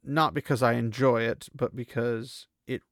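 Gravelly-voiced man reading aloud. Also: mid-range voice, steady tone, a little slow, no room sound, studio quality. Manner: earnest, chatty, self-deprecating. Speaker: podcast host reading a novel. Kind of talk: book reading with casual commentary.

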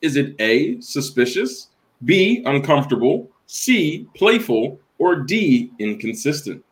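Guy hosting a word quiz, reads the questions slow and drawn out, teasing, voice bounces all over. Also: a little high, big pitch swings. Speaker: quiz host. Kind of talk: casual web quiz show banter.

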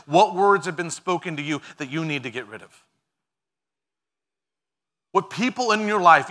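A man preaching a sermon as pastor, animated and emphatic, laughing at his own asides. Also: sits high.

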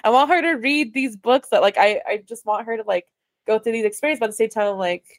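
A young woman co-hosting a podcast in casual chat, talking quickly through stories with lots of filler words. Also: fairly high pitch, no room sound, studio quality. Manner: chatty, heavy on fillers, animated retelling. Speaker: podcast co-host.

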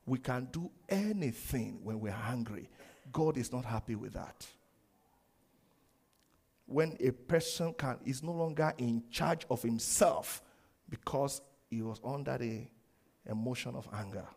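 Animated man preaching a sermon. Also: medium pitch, unhurried, creaky, slightly rough. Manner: animated, laughing, acting out quotes. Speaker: pastor.

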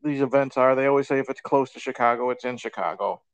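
A man's voice: medium pitch, quick pace, poor audio. A man co-hosting a podcast in casual chat, laid-back, mostly reacting with short remarks and sighs. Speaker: podcast co-host.

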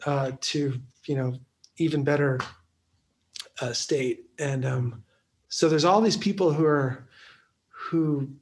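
A man's voice: a little high, takes it slowly, pauses often, darkish tone. A man in casual film talk, rambling with many restarts and fillers.

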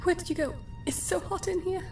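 A woman voicing the ghostly, frightened voice of a young woman who begs for help, high and strained. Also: fairly even intonation, brisk, creaky. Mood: scared. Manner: desperate pleading. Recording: distant voice under loud music.

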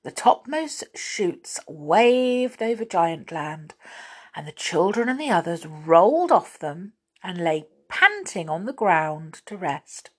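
Woman reading a kids' story, slow and unhurried, really sing-songy. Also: on the low side, husky. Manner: expressive, lively storytelling.

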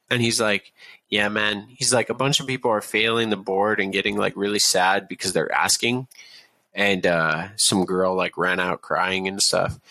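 A young man with a lowish, very bright and forceful voice tells a rambling army story on a podcast. He swears freely and laughs through his own punchlines. The sound is dry and close, with no room echo. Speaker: podcast guest. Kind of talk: casual storytelling.

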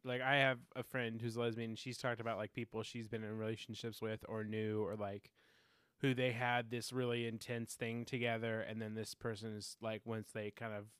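A man co-hosting a podcast, chatting in a relaxed, hesitant way with many fillers. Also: lowish voice, clear, resonant tone, no echo. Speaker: podcast co-host. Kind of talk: casual chat.

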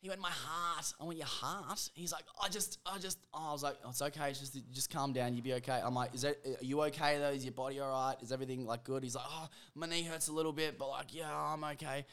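Fast, bright-voiced man. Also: mid-range voice. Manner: animated storyteller, swears a lot, acts out voices. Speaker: podcast host. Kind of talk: casual chat.

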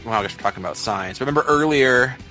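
A man co-hosting a casual podcast chat, retelling movie scenes in an animated way and swearing freely. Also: medium pitch, quick pace, soft background music. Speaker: podcast co-host.

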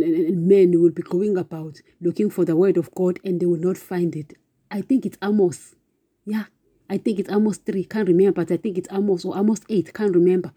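A woman delivers an impassioned, informal devotional talk, circling back over her points and speaking straight to her listeners. Her voice is very dark and mellow with a husky edge, and the recording is close and dry. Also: mid-range voice, no echo. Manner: impassioned, repetitive, keeps calling listeners "guys". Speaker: podcast preacher.

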